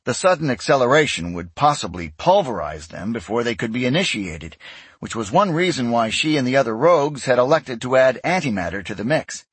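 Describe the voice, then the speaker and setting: Male audiobook narrator, husky, animated pitch, steady measured read. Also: no room sound. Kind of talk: scripted narration.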